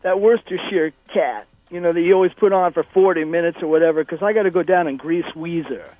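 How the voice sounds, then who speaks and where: A man's voice: on the high side, quick pace, dry recording, faint music behind. Rambling man on a tinny phone line. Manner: rambling, overly familiar, folksy. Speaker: caller. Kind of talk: rambling phone call to a radio show.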